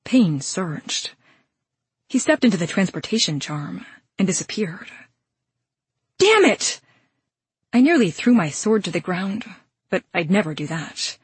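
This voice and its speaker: Woman audiobook narrator, first-person action, breathy husky tone. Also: on the low side, dry recording. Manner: brisk and dramatic, sharp outbursts in action.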